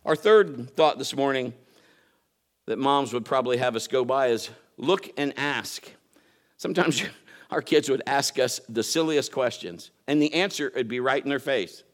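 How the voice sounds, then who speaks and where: A middle-aged man, a pastor giving a sermon as an animated storyteller who acts out conversations. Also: medium pitch, moderate pace.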